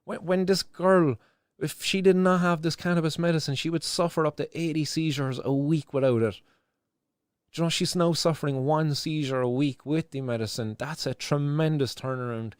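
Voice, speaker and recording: Impassioned Irish man, slightly high voice. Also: steady tone, moderate pace, smooth, dry recording, studio quality. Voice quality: fervent, swears freely, repeats words. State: emotional. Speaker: live news show host. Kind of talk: impassioned spoken commentary.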